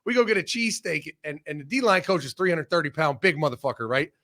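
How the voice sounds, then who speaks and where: A man from Ohio, a former football coach, chatting as a guest and telling profane, animated stories. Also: a little high, quick pace. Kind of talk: casual sports chat.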